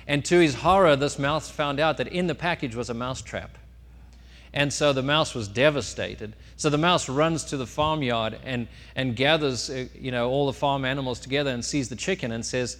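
A male pastor delivers a sermon in a mid-range voice, swinging between loud, emphatic lines and quieter ones as he tells a story. His voice rings out with the long reverb of a church hall. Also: mid-range voice, moderate pace. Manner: storytelling, lively rises and drops in loudness.

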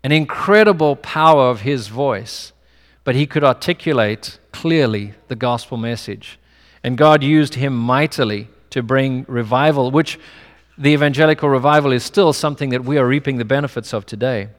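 A male pastor with a non-American English accent preaches a conversational sermon packed with personal stories. His voice sits in the mid-range at a normal speed, and a long hall reverb colors the recording.

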